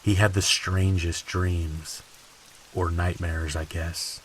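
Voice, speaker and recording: A man reading creepy stories in a slow, ominous scripted narration. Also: low voice, level tone, poor audio. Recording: faint hiss and rain sounds behind. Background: rain ambience.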